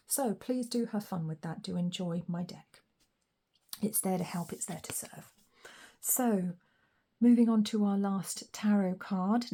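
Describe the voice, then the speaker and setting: A woman with a posh English accent giving a casual spoken tarot reading, chatty and rambling with fillers and soft laughs. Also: mid-range voice. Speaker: tarot reader.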